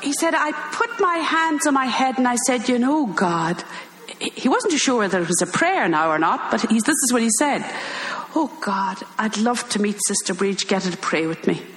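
An older Irish woman, a religious sister, telling an animated story and acting out the voices in it. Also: fairly high pitch, normal speed. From Ireland. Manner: animated, acts out quoted voices, laughs while telling. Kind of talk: storytelling talk. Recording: echoey hall with long reverb.

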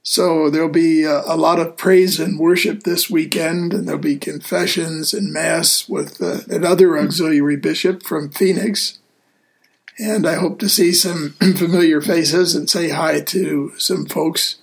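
A male deacon hosts a relaxed talk show, his voice a touch higher than most men's and gravelly. He speaks earnestly and unhurriedly, often pausing with "uh" as he gathers his thoughts. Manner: easygoing, earnest, pauses often with "uh". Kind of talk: casual radio show chat.

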